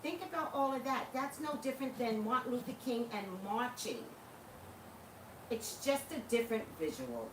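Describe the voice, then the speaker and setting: Lively, preachy woman. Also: a little high, moderate pace, echoey room, far from the mic, background noise. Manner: impassioned, preachy, laughs often. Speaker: livestream host. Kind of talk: casual livestream talk to viewers.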